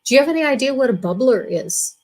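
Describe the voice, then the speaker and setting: A woman's voice: sits high, lively intonation, fast. A woman from the Milwaukee area, a guest in a casual video chat, talking easily and laughing often.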